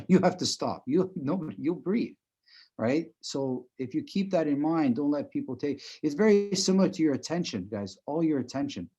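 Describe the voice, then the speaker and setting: A man with a dark, mellow voice coaches breathing in a relaxed, chatty way, tagging his points with "right?". The sound is dull and lo-fi, like a video call. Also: fairly high pitch, normal speed, husky. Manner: conversational, repeats "right?" often, chuckles while explaining. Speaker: breathing instructor. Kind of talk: live online class.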